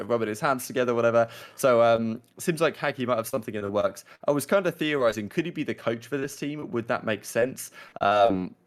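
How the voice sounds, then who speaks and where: A young man co-hosting a casual esports podcast, rambling and thinking aloud with lots of fillers. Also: lowish voice. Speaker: podcast co-host. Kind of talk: casual esports talk show chat.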